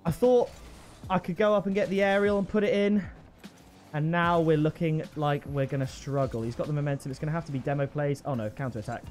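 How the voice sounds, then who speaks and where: A young man hosting a gaming channel, commentating his own match live and bursting into excited shouts at big plays. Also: a little high, a little fast, soft background music.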